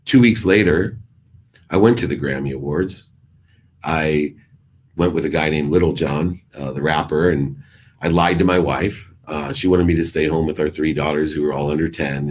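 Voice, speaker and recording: A middle-aged man telling a personal story with emphasis, swinging from loud bursts to hushed asides and acting out the exchanges he quotes. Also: a bass voice, slight background noise. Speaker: speaker telling his life story.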